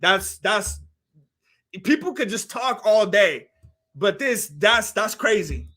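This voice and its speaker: A man's voice: sits high, very animated, slow pace, bright, forceful tone. A man from California rambling casually as a livestream fight commentator, reading chat and filling his talk with "like" and "you know.".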